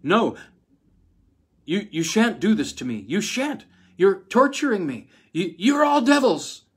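A man's voice: big pitch swings, measured pace, husky, heavily acted. A man voicing a terrified, hysterical young wife who screams and cries out. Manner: screaming, shrill.

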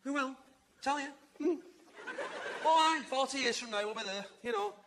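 A man's voice: very high-pitched, moderate pace, background noise. A man in his forties with a Northern English accent, doing live stand-up, chatty and mimicking people, laughing along. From England. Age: 40s. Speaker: stand-up comedian. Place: large arena stage. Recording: echoey arena, roaring crowd.

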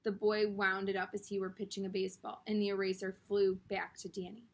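A woman reading a children's book aloud in a steady storytelling manner. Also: medium pitch, fairly quick, gravelly, few pauses. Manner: steady storytelling with brief character voices. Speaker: reader.

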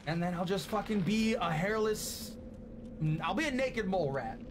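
A man in his late twenties, chatting casually and profanely with his live-stream audience while he plays a game, loud one moment and soft and thankful the next. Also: high-pitched, normal speed, background noise. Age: late 20s. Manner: excitable and profane, swinging between loud outbursts and soft thanks.

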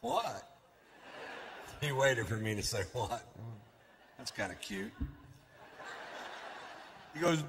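A man doing a stand-up comedy set, telling stories in a drawling, deadpan way. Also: mid-range voice, slow, creaky, long pauses. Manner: drawling, deadpan storytelling with punchlines. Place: comedy club stage. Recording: live club with long reverb, faint crowd noise.

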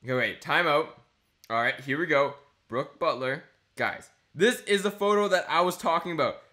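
A young man from Canada hosting a casual reaction commentary, jumping between murmured asides and loud exclamations. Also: fairly high pitch, brisk. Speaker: YouTube commentary host.

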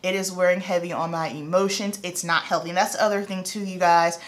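A woman's voice: on the low side, fairly even intonation, brisk. A hairstylist woman in a casual vlog chat, talking in an earnest, emphatic and heartfelt way.

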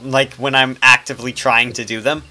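Brief: man in casual game chat, very bright, sharp tone, laughs at himself. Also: mid-range voice, little pitch movement, moderate pace. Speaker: gamer voicing characters.

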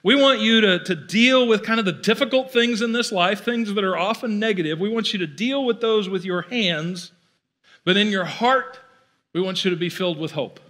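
A man's voice: high-pitched, normal speed, a bit bright. A male pastor giving a conversational, playful sermon in a church, often acting out the voices of the people he describes. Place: church auditorium.

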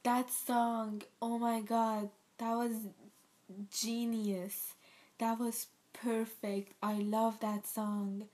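A woman's voice: fairly high pitch, level tone, very slow, a little mellow. A young woman hosting a casual reaction video, emotional and gushing, teary and full of exclamations and fillers. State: teary, near crying. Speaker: video host reacting to a music video.

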